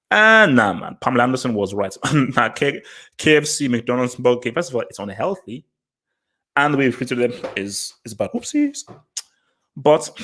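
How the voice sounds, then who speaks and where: A man chatting casually on his own livestream at a middle, ordinary pitch. He rambles and repeats himself, and his voice leaps sharply upward whenever he drives home a point. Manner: animated and rambling, repeats words, jumps in pitch for emphasis. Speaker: livestream host.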